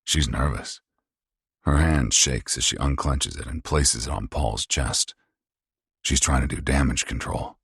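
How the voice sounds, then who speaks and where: A middle-aged man narrating an audiobook in the first person, grim and measured. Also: extremely low pitch, creaky, fairly bright tone, slightly rough, dry recording, clean studio sound.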